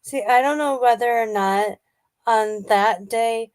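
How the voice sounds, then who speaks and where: A woman's voice: a little high, slow, a little mellow, no room sound. A woman co-hosting a casual show, telling rambling stories and playfully defending herself. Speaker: co-host. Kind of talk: casual chat.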